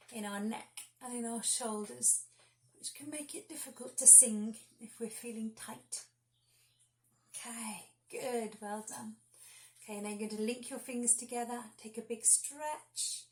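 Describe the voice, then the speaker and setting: A woman leading children through a singing warm-up, giving clear and encouraging instructions. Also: on the high side. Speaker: singing teacher.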